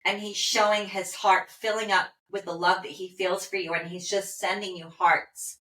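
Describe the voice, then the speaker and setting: A woman animal communicator leading a session, speaking gently and heartfelt, with soft affirmations. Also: mid-range voice, little pitch movement, normal speed. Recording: roomy echo.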